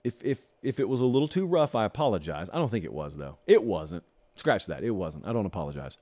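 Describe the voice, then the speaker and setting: A man's voice: lowish voice, big pitch swings, quick pace, a little mellow. A man hosting a college football talk show, delivering an emphatic, opinionated monologue with sarcastic asides.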